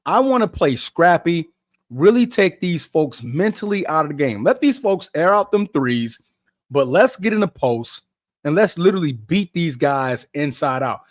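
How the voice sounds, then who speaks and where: Lively slangy young man, dry close sound. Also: fairly high pitch, normal speed, no room sound. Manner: laid-back slangy chatter, laughs often. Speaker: podcast host doing a live watch-along. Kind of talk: casual live game reaction.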